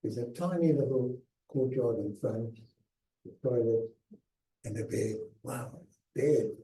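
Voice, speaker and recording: An older man recounting his own past in a slow, emphatic talk with hushed pauses, heard from a distance in an echoey lecture hall. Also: medium pitch. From South Africa. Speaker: guest speaker. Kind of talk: personal memoir talk.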